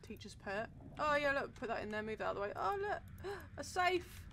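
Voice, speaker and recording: Young woman, streamer, higher voice, nervy and foul-mouthed commentary, faint hiss behind. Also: very animated, brisk, fairly bright tone. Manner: jumpy, nervous running commentary, heavy swearing. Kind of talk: horror game let's-play commentary.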